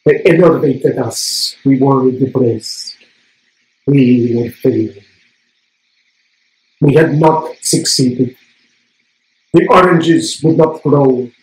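A man playing a proud, determined Polish actress, telling her story slowly on stage in a Polish accent. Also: medium pitch, darkish tone, natural voice. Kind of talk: one-man stage monologue. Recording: roomy theatre stage sound.

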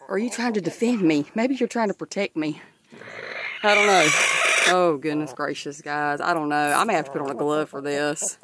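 A woman's voice: deep voice, normal speed. A woman keeping backyard chickens, chatting to viewers on her phone camera and gasping nervous exclamations as her hen pecks. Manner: excitable, frequent nervous exclamations. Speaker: backyard chicken keeper filming her hens. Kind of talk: casual vlog chat to viewers. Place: chicken coop with hens. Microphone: phone camera held by hand. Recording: noisy phone audio with clucking hens. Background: clucking chickens.

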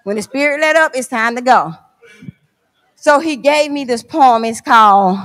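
A woman's voice: sits high, normal speed, fairly bright tone, long reverb tail. A woman giving a fervent guest sermon in church, reading scripture and a poem and repeating phrases for emphasis. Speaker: guest preacher.

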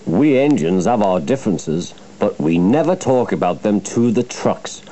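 A man narrating a children's storybook in a slow, expressive storytelling manner. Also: fairly low pitch, slight background noise.

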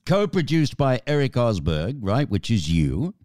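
A man's voice: mid-range voice, big pitch swings, a little slow, darkish tone, dry recording, clean studio sound. A man hosting a podcast interview, chatty and joking. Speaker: podcast host. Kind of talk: casual interview.

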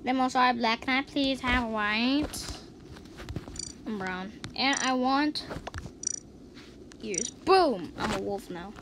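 A woman giving casual gameplay commentary, chatting and reacting out loud to each round as the channel's host. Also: fairly high pitch, slow pace, pauses often. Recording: noisy home recording.

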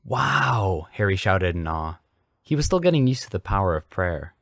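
A man's voice: low voice, very animated, brisk, dry recording, clean studio sound. A man reading a story aloud as a comedic dramatic reading, in a mock-earnest way. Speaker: podcast host reading fanfiction aloud.

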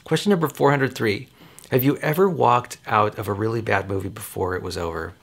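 A man's voice: fairly low pitch, brisk, gravelly. A man in his forties, a father, rambling casually to the camera with frequent chuckles and self-corrections. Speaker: father giving advice. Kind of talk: casual direct-to-camera chat.

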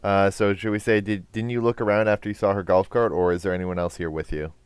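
A man's voice: deep voice, fairly even intonation, fast, smooth, no echo. A man streaming a game, laughing easily and asking his co-players what to pick. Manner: chuckly, checks in with co-players. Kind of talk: casual gaming chat.

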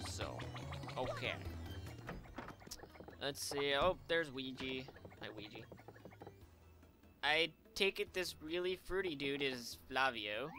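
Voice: medium pitch, animated, slow pace, pauses often, pushed and bright, faint music behind. A let's play narrator chatting casually over gameplay in a playful, chatty way. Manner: chatty, playful, reads dialogue aloud with voices.

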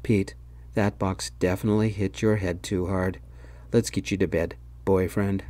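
A man voicing a calm young man who reasons patiently, in a soft-spoken whispered role-play. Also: sits low, moderate pace, lightly acted.

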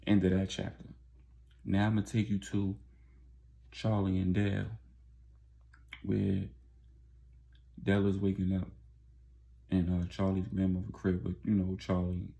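Gravelly low-voiced man telling a street story. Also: mellow. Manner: slangy, loose, many fillers. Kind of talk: casual story recap.

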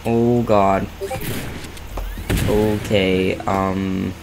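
A young man streaming a video game, reacting with excited exclamations and swearing in casual chatter. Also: low voice, drawn-out words, vocal fry, music in the background.

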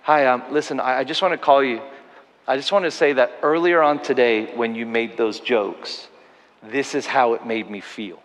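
A man voicing a nervous churchgoer phoning their pastor, speaking softly and hesitantly with stammers. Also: mid-range voice, moderate pace, long reverb tail, voice pushed down, natural voice.

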